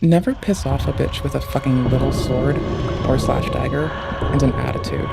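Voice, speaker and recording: Give me a cursing, gravelly male streamer. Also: steady tone, moderate pace. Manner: profane, heated outbursts at the game; muttering low and grumbling between fights. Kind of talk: live gameplay commentary. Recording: loud game music behind voice.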